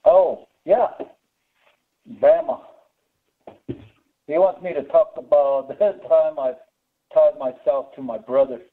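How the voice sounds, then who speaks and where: A man speaks slowly and laughs often during casual chat. His voice comes over a tinny phone line. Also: a little high, a little hiss or hum. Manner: slow-spoken, laughs often. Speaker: guest.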